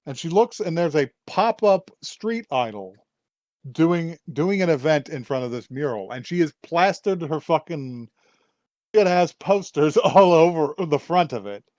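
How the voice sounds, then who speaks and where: A man's voice: a little high, lively intonation, measured pace, darkish tone, no room sound, studio quality. A man co-hosting a podcast, casually retelling a story in a loose, rambling way, swearing freely and often laughing. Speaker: podcast co-host. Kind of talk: casual recap chat.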